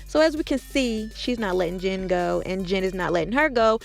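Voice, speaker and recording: A woman's voice: mid-range voice, lively intonation, brisk, gravelly, faint music behind. A woman hosting a casual, gossipy recap of a TV episode, with sassy asides. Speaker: recap podcast host.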